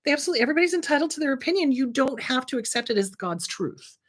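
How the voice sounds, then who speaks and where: A woman's voice: high-pitched, rapid-fire, slightly rough. A woman therapist hosting her own show, talking casually and bluntly with jokes about career and fear. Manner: animated, chatty, blunt and joking. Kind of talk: casual advice talk to camera.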